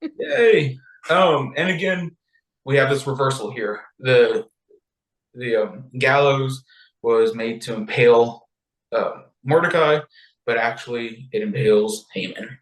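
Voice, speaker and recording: Casual male podcast co-host, animated storyteller, mid-pitched, echoey room. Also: measured pace. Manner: animated, acts out characters' lines in high voices. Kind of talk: casual chat retelling a story.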